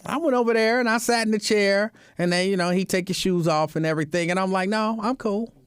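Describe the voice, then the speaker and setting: Animated high-voiced man telling a story. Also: fast talker, smooth, no echo. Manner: animated, repeats phrases for emphasis. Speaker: host. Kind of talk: casual storytelling monologue.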